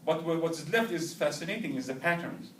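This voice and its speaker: A man's voice: on the high side, brisk, a bit bright. A man lectures a language class, now and then leading the students in repeating words aloud. He keeps checking for understanding as he goes. The recording is roomy and distant, with faint background noise. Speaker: language teacher. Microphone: far camera.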